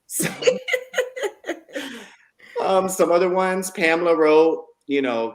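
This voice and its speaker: A man co-hosting a casual talk show, telling a story and reading funny text messages aloud with animated energy. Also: high-pitched, very slow, pauses often.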